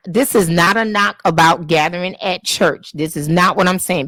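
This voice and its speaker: A woman's voice: on the low side, dry recording. Earnest woman host on a soapbox. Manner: earnest, preachy, speaks to church people directly. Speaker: podcast host. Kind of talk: casual live-stream monologue. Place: home setup, Facebook live stream.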